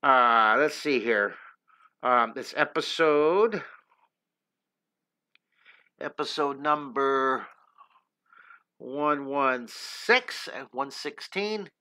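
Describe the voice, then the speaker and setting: A man's voice: mid-range voice, expressive, very slow, long pauses, sharp tone. A middle-aged man hosting a live drawing lesson, chatting upbeat and encouraging with his viewers as he draws. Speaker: drawing teacher and host.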